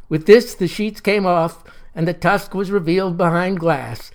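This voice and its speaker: A man narrating a first-person story in a folksy, wry, deadpan manner. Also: sits high, a little slow.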